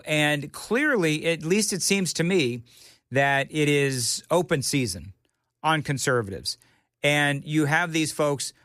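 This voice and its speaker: A man's voice: a little high, a bit bright, no echo, studio quality. A male talk radio host delivering an indignant, opinionated monologue with mocking asides. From United States. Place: radio studio.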